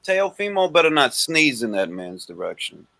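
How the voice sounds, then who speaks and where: A man with a high, bright voice talks boxing on a casual livestream. His pitch swings widely and he repeats points for emphasis. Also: normal speed, gravelly, no room sound. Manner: animated, repeats himself for emphasis. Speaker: boxing show co-host.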